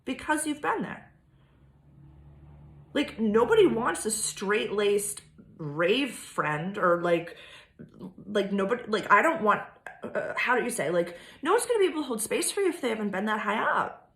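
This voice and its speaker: A woman's voice: medium pitch, sing-song, normal speed, fairly bright tone. A woman vlogging about astrology in a casual, rambling way, full of fillers and swearing. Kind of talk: casual monologue. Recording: echoey room.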